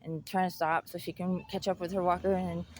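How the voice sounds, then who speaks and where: A woman's voice: fairly low pitch, flat delivery, a little fast, darkish tone, slight background noise. A young woman telling a personal story in casual chat, blunt and full of swearing, laughing often.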